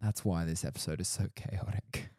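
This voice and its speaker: A man's voice: deep voice, steady tone, normal speed, dark tone, no echo, clean studio sound. Teasing Australian man on a podcast. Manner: teasing, quizzing. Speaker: podcast co-host. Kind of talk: casual chat.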